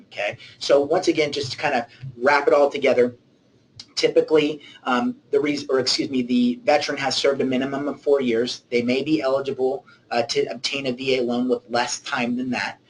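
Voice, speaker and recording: A man walks listeners through loan rules in a webinar, steady and mid-pitched. He checks in often with a quick "okay?" between points. A faint hiss sits under his voice. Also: poor audio. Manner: explanatory, frequent "okay?" check-ins. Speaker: mortgage originator. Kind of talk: webinar presentation.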